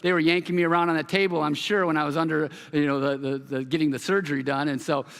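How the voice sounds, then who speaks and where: A man preaching a sermon as pastor, telling a story with animated quoted voices. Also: on the high side, quick pace, vocal fry. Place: church hall. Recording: long hall reverb.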